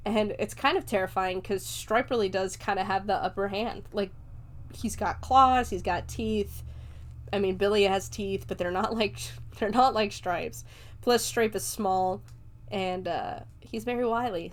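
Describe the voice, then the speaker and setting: A young woman hosting a podcast, chattily recapping a movie with lots of fillers and casual swearing. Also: mid-range voice. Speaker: podcast host.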